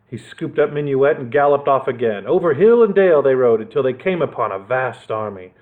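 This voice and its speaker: A male children's librarian reading a picture book aloud, animated and playful with asides. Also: mid-range voice, fairly quick, hardly any pauses, phone-quality sound.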